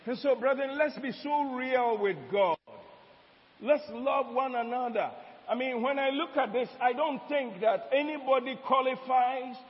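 An extremely high-pitched man preaches a sermon as pastor at a measured pace, mixing teaching with asides to the congregation that draw call-and-response and laughter. It was recorded in a church hall, and the sound is dull with a long hall reverb.

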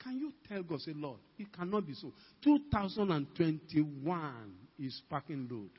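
Older preacher, husky and echoing. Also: male voice, fairly high pitch, animated, moderate pace. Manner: fervent exhorting preacher, acts out quoted dialogue. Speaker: pastor. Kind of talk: sermon. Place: church hall. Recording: dull lo-fi church recording with long reverb.

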